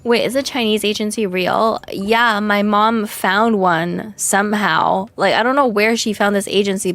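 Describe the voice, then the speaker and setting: A woman's voice: mid-range voice, normal speed, few pauses, a bit bright, dry recording. A young woman streaming, chatting casually with her chat in a frank, crude, self-mocking way with frequent laughs. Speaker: vtuber streamer. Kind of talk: casual livestream chat reading comments.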